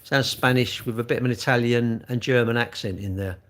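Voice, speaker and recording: A man's voice: medium pitch, fairly even intonation, brisk, a bit bright. A middle-aged man, chatting casually on a livestream and answering viewer comments in a rambling way, full of tag questions.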